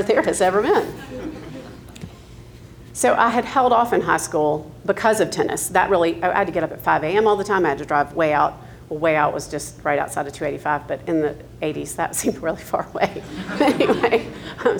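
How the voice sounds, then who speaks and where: A woman's voice: lowish voice, vocal fry, a little hiss or hum. Candid Southern woman in her fifties. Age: 50s. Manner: candid storytelling with frequent ums and laughs. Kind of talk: personal testimony.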